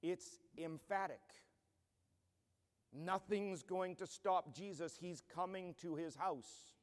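A man pastor delivers an earnest, emphatic expository sermon in a fairly high voice. His speech carries a long reverb from a large church hall. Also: takes it slowly.

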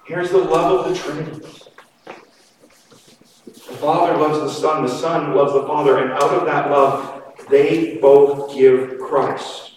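A man preaches slowly and with emphasis, his voice sitting a little high and rising and falling in loudness. The sound comes from a distance in a large, echoing sanctuary, with a faint hiss underneath. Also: fairly even intonation. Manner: slow, emphatic preaching with dramatic swings in loudness. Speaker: pastor. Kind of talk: sermon. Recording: echoey hall, distant mic, faint noise.

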